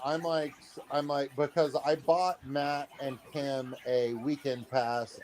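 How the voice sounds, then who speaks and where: This aquarium hobby vlogger, a man in his thirties, speaks at a medium pitch over slight background noise. He tells a story animatedly, acting out the quotes and leaning heavily on fillers.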